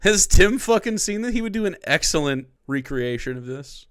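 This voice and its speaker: A man's voice: sits high, big pitch swings, moderate pace, a bit bright, smooth, dry recording, studio quality. A man streaming live and reacting to a clip, swearing a lot, mocking it and laughing often.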